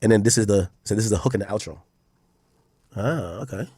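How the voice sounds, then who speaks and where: A man's voice: lowish voice, fairly quick, mellow, husky. A man streaming casual commentary to his chat, reading posts aloud and reacting bluntly, with frequent profanity.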